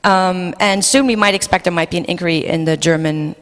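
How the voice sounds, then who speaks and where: A woman's voice: on the low side, brisk, a bit bright. A woman moderating a panel discussion, reading introductions from notes with fillers and restarts. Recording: long reverb of a hall.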